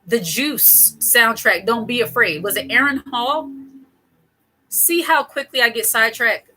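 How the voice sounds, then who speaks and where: Middle-aged woman host, chatty and digressive, bright higher voice, casual advice to camera. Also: expressive, a little slow, poor audio. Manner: chatty, digressive, laughs often. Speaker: channel host.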